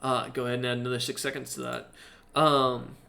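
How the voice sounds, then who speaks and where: A man narrating as game master of a tabletop game, in a casual, halting way with fillers and the odd curse. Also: medium pitch, flat delivery, vocal fry, bright, forceful tone. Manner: casual, halting narration with many fillers and restarts, occasional swearing.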